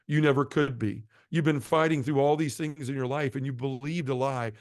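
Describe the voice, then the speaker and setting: Sharing his conversion testimony as a podcast guest, a middle-aged man speaks with earnest passion, his pitch and volume rising and falling. His tone is steady and a little mellow at a moderate pace, in a dry, clean studio recording.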